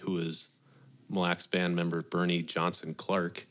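A man's voice: deep voice, level tone, unhurried, fairly bright tone. A man co-hosting a radio talk show, chatting in a friendly, conversational way. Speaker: podcast co-host. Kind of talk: casual radio chat.

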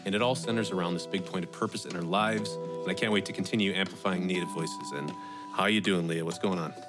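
A man hosts a radio talk show in a friendly, easygoing way. His voice sits very low. Faint music plays behind him. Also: fairly even intonation, quick pace. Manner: friendly, conversational with fillers. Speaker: podcast co-host. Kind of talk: casual radio chat.

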